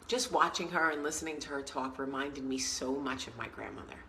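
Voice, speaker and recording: A woman hosting a casual vlog, telling a story in a chatty, animated way and acting out what people said. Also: rumbling low, a little fast, slight background noise, rough recording. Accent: New York. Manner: chatty, animated storyteller who acts out quotes. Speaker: vlog host.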